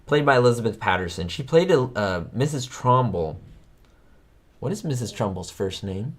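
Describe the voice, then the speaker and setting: A man hosts a trivia livestream, rambling excitedly through sitcom facts at a normal speed while his pitch leaps up and down. He talks straight to his viewers in a loose, chatty way over a streaming mic.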